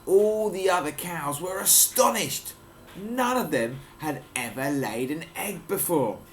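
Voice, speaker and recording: A man's voice: on the high side, animated, a little slow, a little hiss or hum. A father reading a picture book aloud to his children at home, playfully explaining words and pointing at the pictures.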